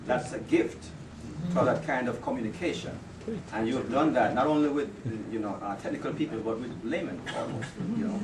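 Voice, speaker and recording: A man giving a casual farewell speech at a work party, chatty and jokey, halting often with fillers, reading part of it from his notes. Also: medium pitch, animated. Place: office party room. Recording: echoey room, distant mic, noisy.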